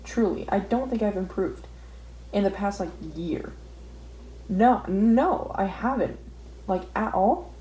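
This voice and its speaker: A woman's voice: mid-range voice, takes it slowly, pauses often, mellow. A young woman chatting casually while she draws, rambling, swearing often and putting herself down. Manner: swears a lot, rambling and self-deprecating. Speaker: art vlogger. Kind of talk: casual ranting while drawing. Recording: faint background noise.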